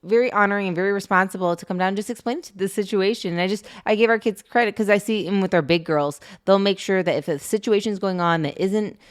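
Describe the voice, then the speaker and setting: A middle-aged woman co-hosting a parenting podcast, telling stories in a casual, animated way and laughing often. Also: mid-range voice, fast, hardly any pauses, clean tone. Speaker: podcast co-host. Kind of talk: casual chat.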